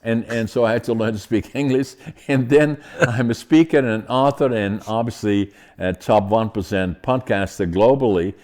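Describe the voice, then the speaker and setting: An older man with a Dutch accent, a podcast host speaking haltingly in casual interview chat, often chuckling at himself. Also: medium pitch, darkish tone. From northeastern Netherlands.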